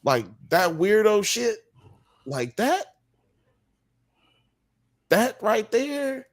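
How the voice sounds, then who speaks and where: A man co-hosting a casual live podcast, talking in animated, slangy style and firing off rhetorical questions. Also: sits high, drawn-out words, no room sound, clean studio sound. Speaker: podcast co-host. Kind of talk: casual chat on a live stream.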